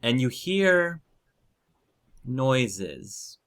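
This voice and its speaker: A man narrating a tabletop role-playing game as game master, slow and halting, with many fillers. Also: mid-range voice, sing-song, a bit bright.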